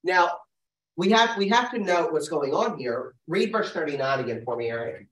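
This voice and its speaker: Casting: male study leader, slightly high voice, lively and searching, distant echoey room. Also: normal speed. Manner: animated, thinks aloud with restarts and rhetorical questions. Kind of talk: teaching a group Bible study.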